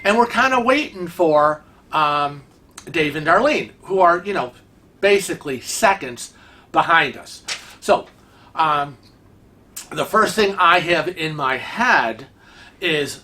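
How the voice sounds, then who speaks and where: A vlog host telling a travel mishap story in a casual, animated and indignant way, with restarts and repetition. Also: medium pitch, slow. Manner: seated in a wheelchair while talking.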